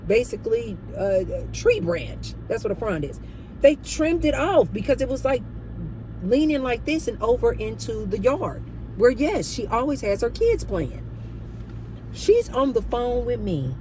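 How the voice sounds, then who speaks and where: Animated chatty woman vlogger. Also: a little high, a little slow, slight background noise. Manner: animated, chatty, addresses viewers as "you guys". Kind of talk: storytime monologue.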